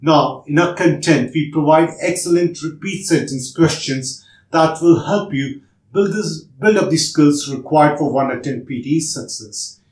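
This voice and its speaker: Methodical man with a higher voice. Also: measured pace, a little mellow, echoey room. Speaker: test prep tutor. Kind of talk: instructional narration.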